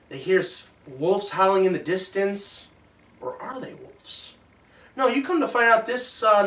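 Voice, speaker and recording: A man hosting a casual movie review chat, animated and teasing. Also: sits high. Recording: roomy echo, mic at a distance.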